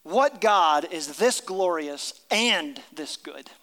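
A man's voice: on the high side, animated, slow, a bit bright, big-room sound, rough recording. A middle-aged man preaching a sermon, speaking emphatically and sometimes reading aloud from a book. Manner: emphatic, reads story aloud with character voices. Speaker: pastor.

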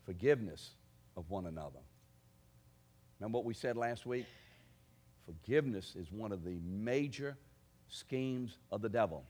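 A man preaching a sermon, asking his congregation direct questions and building to forceful declarations. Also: on the low side, animated, normal speed, pauses often. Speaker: pastor.

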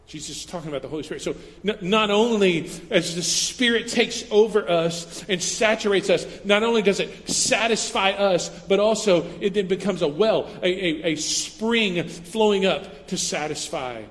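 A man's voice: sits high, moderate pace, few pauses. A male pastor preaching a sermon in a church, often stopping to correct himself mid-sentence. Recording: long reverb of a large hall.

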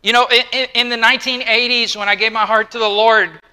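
A middle-aged man preaching a sermon, emphatic and repeating himself, with quick acted-out asides. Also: very high voice, flat delivery, bright, forceful tone, clear, resonant tone, low-quality recording. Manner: emphatic, repeats words, acts out quotes. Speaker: pastor.

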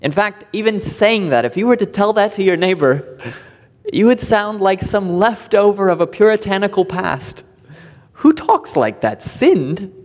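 A man preaching a sermon to his church, emphatic and deliberate, repeating key words for weight. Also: high voice, big-room sound. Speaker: pastor. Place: church sanctuary.

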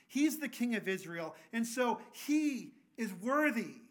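High-voiced earnest pastor preaching. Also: male voice, very animated, slow. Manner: earnest, frequent restarts and repeated words. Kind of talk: sermon.

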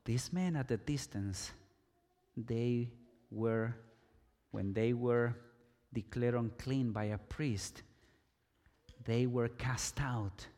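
A man preaching a sermon, slow and emphatic, sometimes rising to loud cries. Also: medium pitch. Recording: long reverb in a hall.

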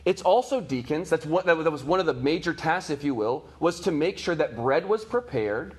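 A man's voice: on the high side, animated, moderate pace, breathy edge. A man teaching a catechism class, talking casually to his students with many fillers, restarts and "right?" check-ins. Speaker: Bible teacher.

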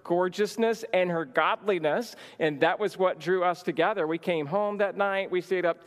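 High-voiced man preaching in a reverberant hall. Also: moderate pace. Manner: lively storyteller, many "like" fillers. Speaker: church minister teaching a marriage session. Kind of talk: storytelling sermon.

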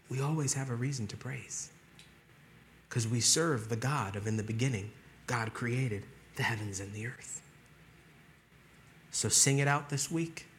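Male preacher, emphatic exhorting sermon delivery, mid-range voice, swings between loud pushes and hushed lines. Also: mid-range voice.

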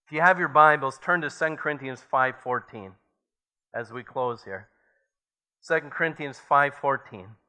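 A man's voice: mid-range voice, moderate pace, pushed and bright. A man preaching a sermon as pastor, reading scripture aloud and building to emphatic points.

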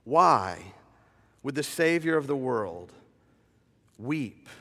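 A middle-aged man, a pastor, preaching a sermon in a church. He moves between hushed, slow tenderness and animated storytelling. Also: mid-range voice. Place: church sanctuary. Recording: long hall reverb.

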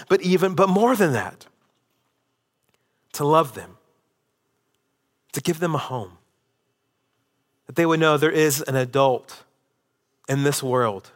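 A man's voice: mid-range voice, a bit bright, big-room sound. A male pastor preaching a sermon in a church, telling a story and then building into emphatic exhortation.

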